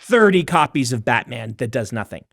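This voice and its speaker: A man's voice: medium pitch, very animated, moderate pace, vocal fry, a bit bright, no room sound, clean studio sound. A man co-hosting a podcast, chatting casually and explaining with rambling, self-correcting asides. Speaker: podcast co-host, author. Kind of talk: casual chat.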